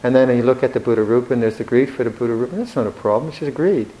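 A man giving a Buddhist dharma talk in a reflective, gently humorous way, with hesitant restarts. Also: medium pitch, very fast, a little hiss or hum, low-quality recording. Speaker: Buddhist monk teacher.

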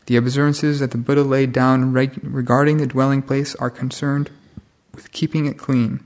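A man's voice: medium pitch, level tone, normal speed, darkish tone. A man, a senior monk, giving a stern, plain-spoken Dhamma talk to monks and novices.

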